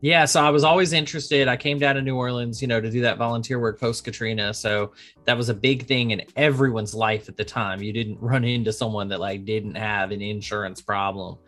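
A man in his thirties chats casually as a podcast guest, explaining his law work. His voice sits in a middle pitch, and he slips into voices for the people in his stories. Faint guitar music plays behind. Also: fairly quick. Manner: animated storyteller, acts out quoted dialogue. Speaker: insurance attorney guest.

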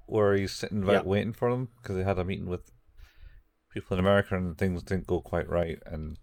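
A man's voice: sits low, steady tone, a little fast, a little mellow, no echo. A man casually recapping anime episodes as a podcast co-host, rambling and acting out the characters' lines.

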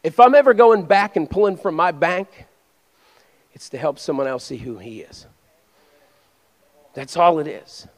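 A man with a high voice preaches to his church, moving between fervent exhortation and casual, confiding asides. The long reverb of a large hall trails after his words. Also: a little slow, pauses often. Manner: energetic preaching that swings between loud exhortation and quiet conversational asides. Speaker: pastor. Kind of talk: sermon.

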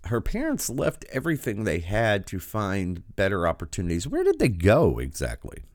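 A man's voice: fairly low pitch, wildly swooping pitch, moderate pace, dry recording. A man giving sarcastic, incredulous commentary, often stopping a video to react.

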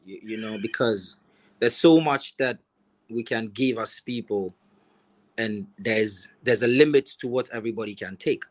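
West african guy talking slow, thoughtful, lots of restarts, on a video call. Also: fairly low pitch, poor audio. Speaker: guest musician. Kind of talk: casual interview chat.

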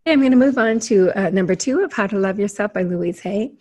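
A woman's voice: mid-range voice, animated, quick pace, a little mellow. A woman leading a self-help panel discussion, reading points from a list and asking the group encouraging questions. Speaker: group facilitator.

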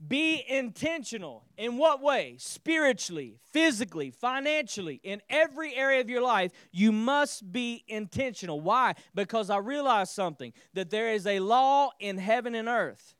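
A man's voice: very high-pitched, lively intonation, normal speed, hardly any pauses, fairly bright tone, clean tone, no echo, clean studio sound. A man preaching a sermon as pastor, calling on the congregation to repeat phrases and restating his key lines.

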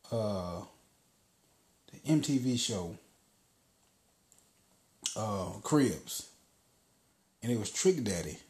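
Low-voiced man rambling in an echoey room. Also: mellow. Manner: loose, storytelling, swears freely. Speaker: podcast host. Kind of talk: casual rambling monologue. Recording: roomy echo.

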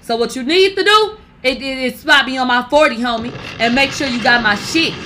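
A woman's voice: high voice, fairly quick, noisy background. A young woman giving brash, profane gossip commentary, talking straight to her viewers. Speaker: commentary vlogger.

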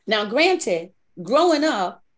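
A woman's voice: a little high, takes it slowly. A woman from the Bronx co-hosting a faith podcast, talking animatedly and acting out conversations with God. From the Bronx, New York. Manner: animated, acts out inner dialogues with God. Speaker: podcast co-host. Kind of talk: faith-based casual podcast chat.

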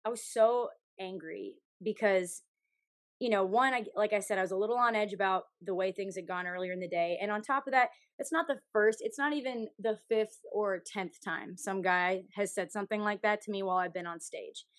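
A young woman, a singer from Canada, telling a story candidly as a podcast guest, with a frank, animated manner, swearing freely and laughing often. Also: medium pitch, a little fast, no room sound.

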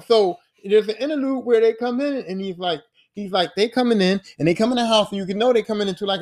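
Solo podcast host, male, high-pitched, swearing and emphatic street slang. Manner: profane, emphatic, repeats himself for emphasis. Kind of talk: casual solo podcast rant.

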